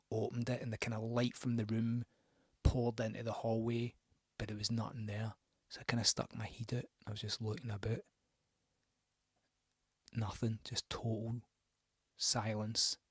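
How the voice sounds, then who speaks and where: A man's voice: medium pitch, no echo, studio quality. A man hosting a record show, telling a rambling, sweary, self-mocking anecdote between records. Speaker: radio host spinning records.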